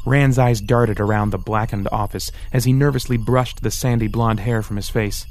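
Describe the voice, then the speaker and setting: A man's voice: fairly low pitch, fairly even intonation, moderate pace, a little mellow. Man narrating an audiobook. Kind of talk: scripted narration.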